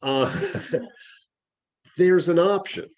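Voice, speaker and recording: Male teacher, light and easygoing, a bit higher-pitched than most men. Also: wildly swooping pitch, drawn-out words, a little hiss or hum. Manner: casual, joking lecturing. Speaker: herbal medicine teacher. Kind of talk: classroom lecture.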